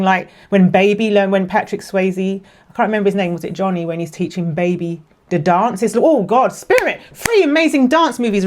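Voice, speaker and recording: A woman giving a casual tarot reading to camera, chatty and rambling, with many fillers and restarts, emotional and quick to laugh. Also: medium pitch. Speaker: tarot card reader.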